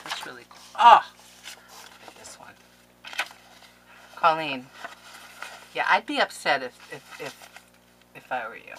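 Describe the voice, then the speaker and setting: A middle-aged woman chats through her mail in a casual vlog, gushing and easily thrilled. Her bright, somewhat low voice swings widely in pitch. A faint hiss sits under the recording. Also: measured pace, long pauses, poor audio. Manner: gushing, excitable, laughs and gasps often. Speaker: crafting vlogger.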